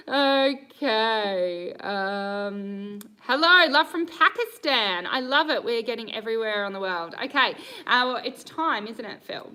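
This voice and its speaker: A woman's voice: on the high side, animated, slow pace, bright, forceful tone, smooth, rough recording. An Australian woman, a riding coach, answering viewer questions on a live stream in a bubbly, upbeat way and laughing often.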